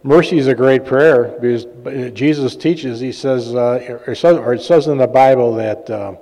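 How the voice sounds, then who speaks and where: Man, pastor, sermon, mellow tone, chatty and jokey, hall reverb. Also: medium pitch, moderate pace. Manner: conversational, jokey, fillers and self-laughs. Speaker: pastor and healing minister. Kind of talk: sermon with personal stories. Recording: long reverb of a large hall.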